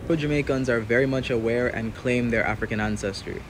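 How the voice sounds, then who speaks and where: Measured man arguing outdoors over traffic. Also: mid-range voice. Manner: measured, articulate, debating tone. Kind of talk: argued commentary.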